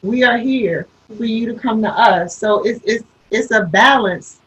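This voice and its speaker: A woman's voice: a little high, unhurried. A mother talking in an earnest, reassuring way in a casual panel chat. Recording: voice a bit distant from the mic.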